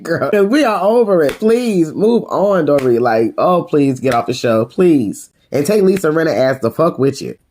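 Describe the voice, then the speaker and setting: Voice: mid-range voice, a little mellow. A sassy reality TV reviewer giving a casual, slangy recap full of laughter.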